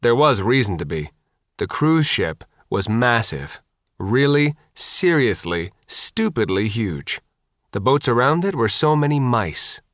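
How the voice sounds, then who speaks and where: A man narrating an audiobook in an expressive, animated reading. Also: mid-range voice, unhurried, no echo, clean studio sound.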